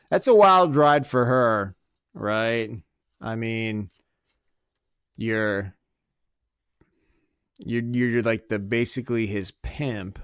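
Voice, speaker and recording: Male podcast host, smooth clear voice, dry close sound, profane rambling rant with sarcastic asides. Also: medium pitch, no room sound. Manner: swings between loud outbursts and muttered asides. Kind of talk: casual comedic rant.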